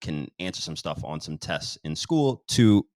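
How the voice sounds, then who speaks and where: A man from the United States, hosting a casual interview in an easygoing, deliberate way. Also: sits low, very animated, darkish tone, no echo, studio quality. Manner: easygoing, deliberate host with fillers. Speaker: channel host, interviewer.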